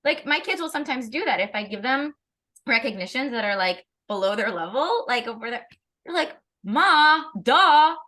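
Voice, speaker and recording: Animated, bright-voiced woman talking parenting. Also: a little high, brisk. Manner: animated, restarts often, laughs while talking. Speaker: parenting educator. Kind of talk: casual conversation.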